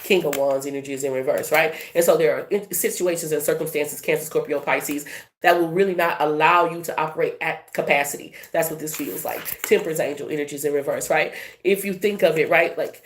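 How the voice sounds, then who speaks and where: A tarot reader from Louisiana with a softened Louisiana accent, giving a reading to camera in an emphatic, colloquial way full of rhetorical questions. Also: medium pitch, steady tone, fairly quick, a little hiss or hum.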